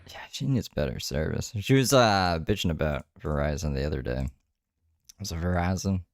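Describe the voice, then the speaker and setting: A man with a very low voice chats through a stream recap in a loose, rambling way, dropping the odd swear word. His voice is close and dry, with no room sound at all. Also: expressive, normal speed, dry recording. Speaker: streamer host. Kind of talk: casual livestream commentary.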